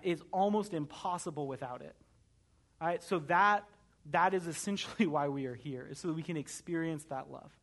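A young man preaching a conversational sermon as pastor, earnest and often checking in with "right?". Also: fairly high pitch.

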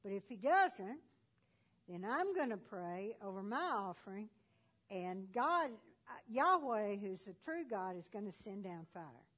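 A woman's voice: mid-range voice, sing-song, unhurried, fairly bright tone. A woman telling a Bible story who voices a bold, confident male prophet in a plain storytelling voice. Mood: instructing.

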